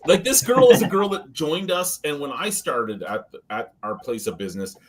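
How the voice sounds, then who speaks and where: Animated husky man telling work stories. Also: a little high, normal speed. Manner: animated storyteller, swears, laughs often. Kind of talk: casual podcast chat.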